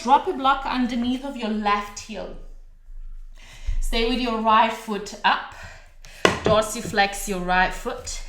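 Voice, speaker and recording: Slow, calm woman guiding a yoga class. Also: a little high, reverberant. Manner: calm breath-paced cueing, slow and encouraging. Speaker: yoga teacher. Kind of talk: guided yoga class instruction. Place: home room.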